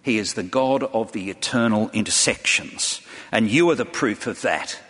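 There's a long hall reverb as a man preaches before a large church congregation, sharing stories in earnest and addressing direct questions to those listening. He has a low-leaning, slightly rough voice with a fairly bright tone and keeps a moderate pace.

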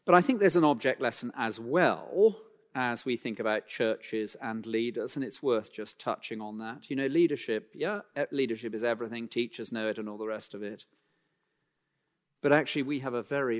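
A male preacher of middle pitch giving a sermon, his voice carrying a long reverb as if in a large church. He presses his points emphatically, rising and then sinking to a hushed close, and slips in dry, self-mocking asides. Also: moderate pace. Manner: emphatic, builds in pitch and volume then drops low and quiet.

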